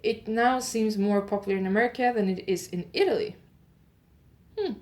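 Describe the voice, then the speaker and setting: A woman hosting an audio advent calendar show. She reads holiday facts in one improvised take, pauses with "uh" to fix her pronunciation, and adds chatty asides to her listeners. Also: mid-range voice, darkish tone. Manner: reads steadily, stops often with "uh" to correct her pronunciation.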